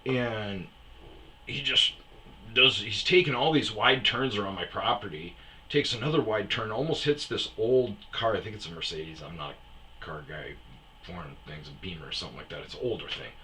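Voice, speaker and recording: A man telling a rambling, profane story in a casual way, breaking into loud shouts when he acts out scenes. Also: lowish voice, normal speed, a little hiss or hum. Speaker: storyteller host. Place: lives on a self-storage property in Arizona.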